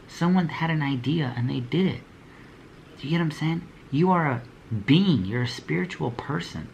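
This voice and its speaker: A man's voice: on the high side, expressive, moderate pace, gravelly, slight background noise. A young man giving a motivational talk to small business owners, with a preachy, blunt delivery, slang, and slogans he repeats over and over. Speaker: motivational speaker.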